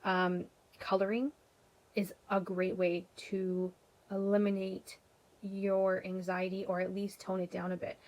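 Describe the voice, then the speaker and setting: A woman's voice: medium pitch, completely flat delivery, unhurried, a little mellow, rough recording. A young woman from Canada talking casually to camera for her vlog, rambling a little and filling gaps with ums and you-knows. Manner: chatty, rambling, many ums and restarts. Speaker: vlogger.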